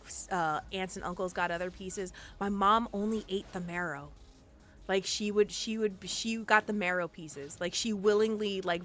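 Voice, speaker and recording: A young woman from Puerto Rico rambles through family stories on a game stream, swearing freely and getting louder as she goes. Her voice sits at an ordinary middle pitch, with faint game music playing softly behind her. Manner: rambling, profane, gets worked up and loud. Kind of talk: casual live-stream storytelling.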